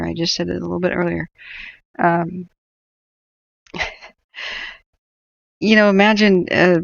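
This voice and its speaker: A woman's voice: lowish voice, fairly even intonation, slow, gravelly, long pauses, dull audio, slight background noise. A woman hosting a wildfire-tracking livestream, giving sardonic, rambling commentary and laughing often. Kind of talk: live stream commentary.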